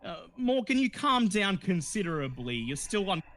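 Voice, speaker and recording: A man's voice: sits high, sing-song, normal speed, fairly bright tone, slight background noise. A man narrating as game master of a tabletop horror game, laughing often between lines.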